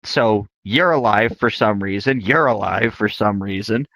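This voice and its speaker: A man's voice: lowish voice, measured pace, a bit bright, no room sound. A man voicing Felix, a wary, blunt human hunter who sounds incredulous and placating. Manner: incredulous, placating, swears when annoyed.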